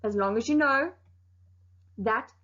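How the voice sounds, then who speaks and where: High-voiced teacher, slow clear explaining. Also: female voice, fairly bright tone. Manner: clear, explaining slowly with firm emphasis. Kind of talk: recorded online lesson. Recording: dull lo-fi sound.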